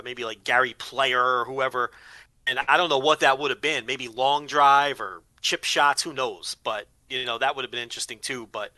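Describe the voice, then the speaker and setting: A man's voice: mid-range voice, sharp tone, no room sound. A man on a podcast, chatting casually and rambling, repeating words as he thinks. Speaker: podcast co-host. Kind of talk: casual chat.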